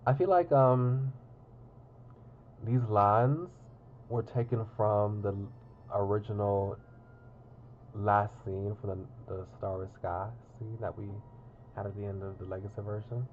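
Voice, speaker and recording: Chatty low-voiced man streaming a game. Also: fairly even intonation, unhurried, long pauses, narrow, tinny audio, slight background noise. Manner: rambling, chatty with filler words. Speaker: streamer reading a visual novel. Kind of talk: casual game commentary and narration.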